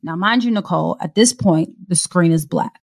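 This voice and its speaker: A woman's voice: lowish voice, vocal fry. A woman co-hosting a podcast, carefully retelling a news story to her co-host and quoting what people said. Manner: earnest, measured retelling with quoted lines. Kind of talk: recounting a news story in conversation.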